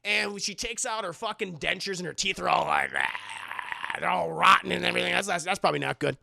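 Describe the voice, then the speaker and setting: A man streaming live, recapping a movie in a profane, animated, joking way. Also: high voice, quick pace, creaky, no room sound. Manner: profane, animated, laughing storyteller. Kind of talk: casual comic recap. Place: streaming setup at home.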